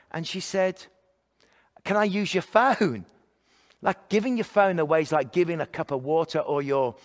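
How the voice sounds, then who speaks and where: Male pastor, earnest sermon delivery, repeats phrases in lists; voice sits high, long reverb tail. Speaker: pastor and evangelist.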